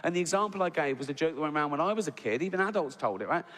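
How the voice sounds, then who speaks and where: Animated man telling a stand-up story. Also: a little high, very fast. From England. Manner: animated storytelling, acts out voices. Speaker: stand-up comedian. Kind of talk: stand-up routine. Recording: reverberant hall, audience noise.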